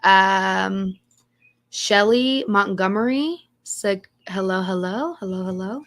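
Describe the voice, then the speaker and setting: A woman co-hosting a live podcast, her voice slightly hoarse as it recovers, casually reading out greetings from the chat. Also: medium pitch, takes it slowly, fairly bright tone. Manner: reads chat names aloud with repeated greetings and laughs. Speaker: podcast co-host.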